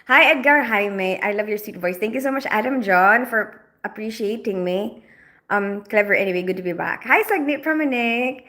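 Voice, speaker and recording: A woman's voice: medium pitch, normal speed, sharp tone. A woman from the Philippines with a mixed Filipino and British accent, hosting a livestream, chatting casually as she reads viewers' comments and laughing often. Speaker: livestream host. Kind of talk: casual live chat reading comments. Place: home, lit for camera.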